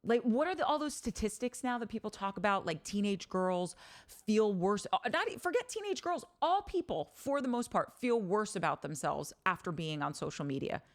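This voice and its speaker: A woman hosting a podcast, talking in a candid, animated monologue, telling stories with frequent swearing and restarts. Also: medium pitch, moderate pace. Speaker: podcast host. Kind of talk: casual monologue.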